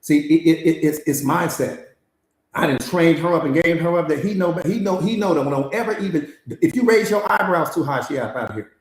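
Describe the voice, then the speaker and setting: A man's voice: on the high side, brisk. A man coaching on mindset in a live class, emphatic and repetitive, slangy, firing off rhetorical questions. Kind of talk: live-streamed motivational master class. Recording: echoey room.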